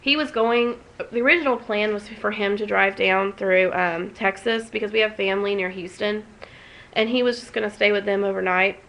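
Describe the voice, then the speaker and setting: A woman's voice: medium pitch, fairly even intonation, moderate pace, a bit bright, poor audio. A young woman vlogging at home, talking emotionally and rambling with many restarts. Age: young adult. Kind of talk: casual emotional vlog.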